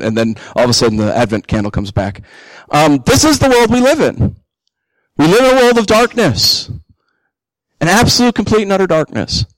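A male pastor preaching a sermon, animated, acting out the inner voices of believers. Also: fairly high pitch, dry recording, low-quality recording. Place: church.

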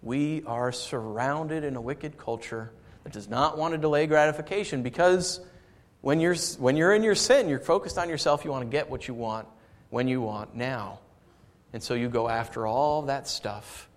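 A man preaching a sermon as pastor, shifting into lively storytelling and asking his congregation for responses. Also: mid-range voice, normal speed. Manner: conversational preaching with lively storytelling and audience asides. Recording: long reverb of a large hall.

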